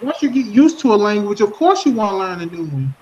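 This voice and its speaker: High-voiced man, dull lo-fi podcast audio. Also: sing-song, quick pace, darkish tone, a little hiss or hum. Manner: earnest, musing, restarts his thoughts. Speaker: podcast co-host. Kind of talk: casual podcast chat.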